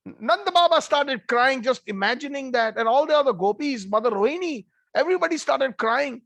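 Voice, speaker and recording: A man giving an animated devotional storytelling talk with conversational asides. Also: extremely high pitch, brisk, vocal fry, few pauses, no room sound. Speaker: devotional speaker.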